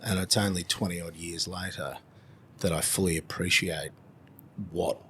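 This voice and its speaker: A man, hosting a podcast in casual conversation, animated and swearing freely. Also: deep voice, normal speed, slight background noise. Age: 50s. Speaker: podcast host.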